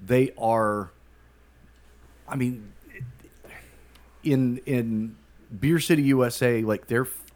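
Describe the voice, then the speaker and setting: A man chatting as a podcast co-host, talking at an average pitch. He rambles loosely, trailing off and starting sentences over as he goes. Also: slow, long pauses, a little mellow. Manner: rambling, trailing off with fillers and restarts. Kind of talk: casual chat.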